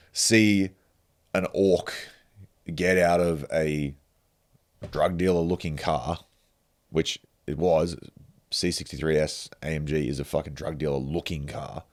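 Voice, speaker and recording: A man hosting a podcast, telling a road-rage story in casual chat, laughing often and swearing freely. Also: very deep voice. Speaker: podcast host.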